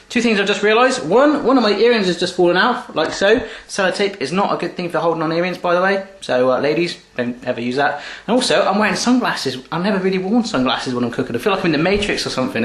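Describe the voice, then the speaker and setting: A man's voice: sits high, a bit bright, reverberant. A man chatting playfully while cooking in his home kitchen, full of cheeky asides. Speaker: cooking vlogger. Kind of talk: jokey cooking video chat.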